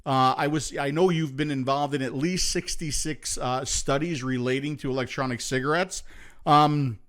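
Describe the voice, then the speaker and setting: A man's voice: mid-range voice, fairly even intonation, normal speed, a bit bright. A man hosting a live online show and interviewing a guest, loose and friendly, with many restarts. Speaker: show host.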